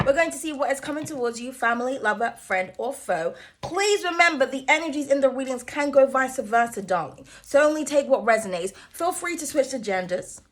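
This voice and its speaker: A woman's voice: sits high, expressive, fairly quick, hardly any pauses, a little hiss or hum. A young woman giving a casual tarot reading to her viewers, playful and loose, swearing freely and calling them darling. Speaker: tarot reader.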